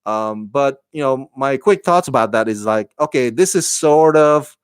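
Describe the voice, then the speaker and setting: A man talks through a TV episode review in a loose, rambling way, stopping and restarting often. His voice sits at a middle pitch. The sound is dry and close, with no room echo. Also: normal speed, clear, resonant tone. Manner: rambling, with many fillers and restarts. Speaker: TV show reviewer.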